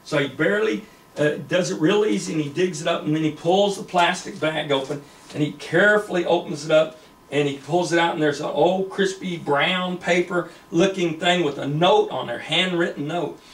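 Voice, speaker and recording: A man's voice: a little high, moderate pace, slight background noise. A man casually retelling a story, rambling with many fillers and restarts. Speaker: storyteller pitching a screenplay. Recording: echoey room, distant mic.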